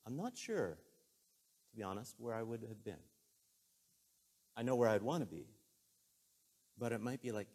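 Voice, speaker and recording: A man preaching a sermon in a relaxed, conversational way, telling a story earnestly and with emotion. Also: mid-range voice, moderate pace, pauses often, husky.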